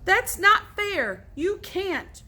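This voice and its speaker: A woman's voice: extremely high pitch, big pitch swings, extremely slow, sharp tone, pitched above the performer's own voice, exaggerated voice. A woman voicing a bossy, scheming farm boy who talks impatiently. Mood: protesting.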